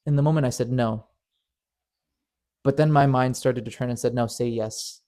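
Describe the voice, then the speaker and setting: A man's voice: medium pitch, steady tone, moderate pace, mellow, clear, resonant tone. A man narrating a painful personal story in an earnest, emotional way, often stammering and repeating words. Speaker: storyteller and channel host.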